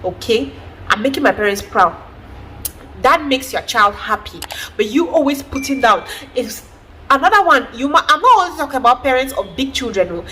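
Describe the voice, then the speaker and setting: A woman, chatting in an emphatic, animated way as a vlogger giving advice. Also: high-pitched, moderate pace, slight background noise, rough recording. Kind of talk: casual advice vlog.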